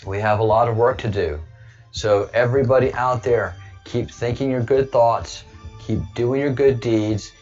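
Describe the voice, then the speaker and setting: A man's voice: medium pitch, steady tone, a little slow, darkish tone, muffled recording, soft background music. A man hosting a livestream, talking casually to viewers in a rambling way with frequent restarts. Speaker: livestream host.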